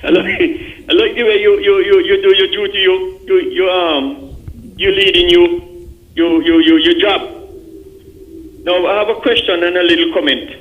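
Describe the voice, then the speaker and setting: A man's voice: sits high, fairly even intonation, normal speed. An older man with a Kittitian accent calls into a radio show, rambling and repeating words as he comments. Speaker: radio caller. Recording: muffled phone-line audio.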